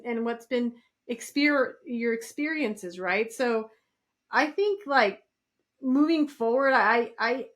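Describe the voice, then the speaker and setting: A woman's voice: sits high, a bit bright. A middle-aged woman co-hosting a podcast in casual chat, candid and swearing freely. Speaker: podcast co-host.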